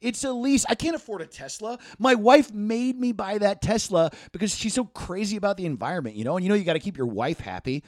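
A smug, fake-caring boss played by a man pleads with his workers in a bouncy, high voice. He keeps insisting he's serious, mock-sincere and wheedling. The sound is close and dry. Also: expressive, a little fast, few pauses, no room sound. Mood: insistent. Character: smug male donut shop owner, fake caring boss.

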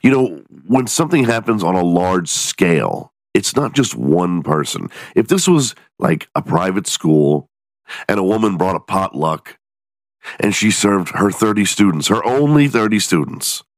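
Male podcast host, low voice, stuffed-up and nasal, crude sarcastic humor, dry close sound. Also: big pitch swings, unhurried, dry recording. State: congested, nasal from a cold. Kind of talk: casual comedic news commentary.

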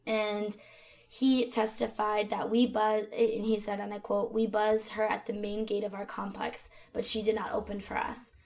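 Gravelly woman recounting a true crime case. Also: medium pitch, level tone, moderate pace, a little mellow. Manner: conversational, with fillers and asides. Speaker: podcast co-host. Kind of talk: true crime podcast narration.

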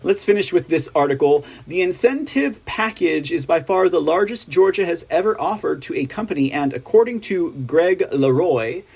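A Texan man with a husky, rather high voice hosts an opinionated news show. He reads out articles and breaks off into sarcastic, rambling asides, tagging his points with "right?". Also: lively intonation, moderate pace, hardly any pauses, a little mellow. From Texas. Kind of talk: opinionated commentary reading news.

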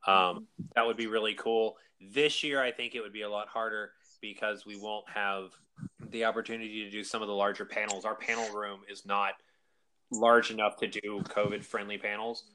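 A man's voice: lowish voice, flat delivery, normal speed, sharp tone. A man, a convention organizer, chatting enthusiastically in a podcast interview with lots of fillers. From South Carolina. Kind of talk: casual interview chat.

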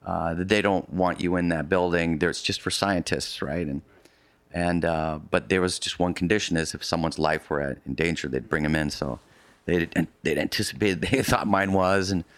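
Deep-voiced man telling a rambling story. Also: normal speed, fairly bright tone, no echo. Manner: rambling, with frequent restarts and vivid asides. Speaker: interview guest recounting a polar expedition. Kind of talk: casual storytelling in conversation.

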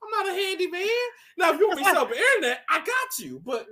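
A man co-hosting a casual podcast chat, joking and animated. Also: very high voice, fast talker, crowd noise. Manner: animated, joking, slips into mocking voices. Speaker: podcast co-host.

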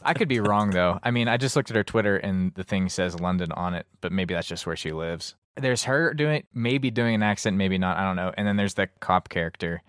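A man's voice: low-pitched, a little fast, hardly any pauses, clear, resonant tone, dry recording, studio quality. A man co-hosting a casual movie review podcast, joking and laughing often. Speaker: podcast co-host.

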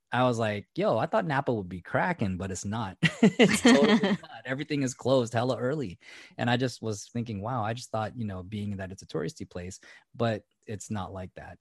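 A man's voice: fairly low pitch, dry recording, studio quality. A man co-hosting a casual chat podcast, laid-back, laughing often and swearing casually. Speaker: podcast co-host.

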